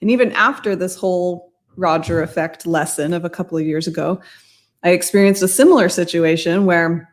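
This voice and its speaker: A middle-aged woman telling a personal story in a casual talk. She rambles and corrects herself as she goes, and laughs now and then. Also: on the low side. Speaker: mindset coach.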